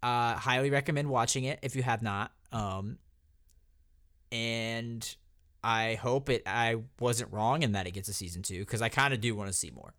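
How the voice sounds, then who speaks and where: A man co-hosting a podcast in casual chat, animated and swearing freely, often restarting his sentences. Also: mid-range voice, moderate pace. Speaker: podcast co-host.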